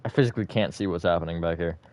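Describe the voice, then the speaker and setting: A man livestreaming a building game, rambling as he thinks aloud and swinging between flat, disappointed-sounding talk and bursts of energy. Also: low voice, racing, dry recording. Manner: rambling, thinks aloud with fillers and self-corrections. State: short on sleep. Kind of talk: casual livestream chat while gaming.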